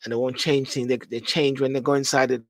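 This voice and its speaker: A man's voice: medium pitch, little pitch movement, fast talker, no echo. A man who grew up in Jamaica, with a Jamaican accent, hosting a show with a casual, rambling monologue full of restarts and repetition. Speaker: host. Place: London.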